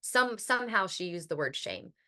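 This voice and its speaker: Bright-voiced woman podcast host. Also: medium pitch, animated, normal speed. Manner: chatty, heavy use of "like", occasional swearing. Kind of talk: casual podcast monologue.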